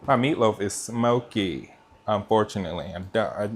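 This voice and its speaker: With a slightly rough, lowish voice at a moderate pace, a man runs a cooking livestream from his kitchen. He chats casually, speaks straight to his audience and reads out their comments, using a noise-cancelling mic.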